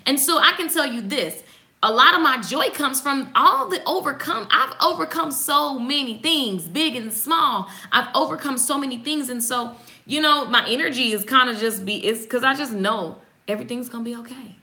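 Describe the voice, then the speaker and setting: Woman doing a morning devotional, bright punchy voice, kinda high, animated and preachy, talks right to her viewers. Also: moderate pace. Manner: reads passages aloud, then comments on them. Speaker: host giving a morning devotional. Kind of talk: casual devotional talk.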